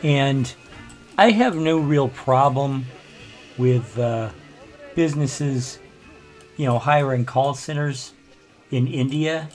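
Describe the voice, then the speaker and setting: A man's voice: mid-range voice, slow, pauses often, soft background music. An older man, rambling through casual gameplay commentary with grumbling asides. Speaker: let's play host.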